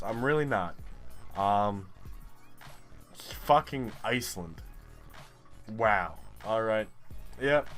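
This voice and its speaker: A young gaming YouTuber curses his way through a geography guessing game, his live commentary full of frustration. His voice is lowish with a fairly bright tone.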